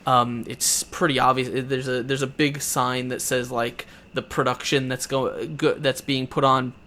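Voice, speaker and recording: A man's voice: medium pitch, little pitch movement, measured pace, sharp tone. A man narrating a tabletop game as game master, rambling with many restarts.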